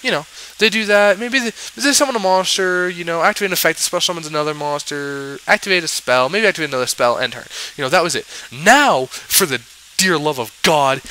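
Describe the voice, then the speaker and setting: Exasperated ranting man, sharp bright voice. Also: on the high side, a little fast, low-quality recording. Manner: sarcastic, exasperated, rambling with fillers. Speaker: card game vlogger. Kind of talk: ranting commentary.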